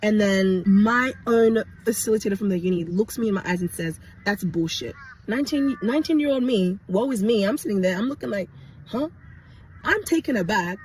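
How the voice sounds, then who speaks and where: A young woman from Kenya, a nurse, telling a personal story to camera in an animated, emphatic way, with repetition and vocal sound effects. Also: mid-range voice, fairly quick, hardly any pauses, slight background noise, poor audio. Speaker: nurse sharing her story.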